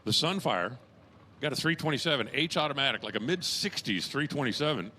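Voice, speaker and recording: A man calls drag races live with a bright, forceful edge to his voice. He fills the pauses with chatty asides and puns, and he gets louder as the cars launch and cross the line. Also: mid-range voice, expressive, a little hiss or hum. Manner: raises his voice during launches and finishes. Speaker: drag racing track announcer. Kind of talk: live race commentary.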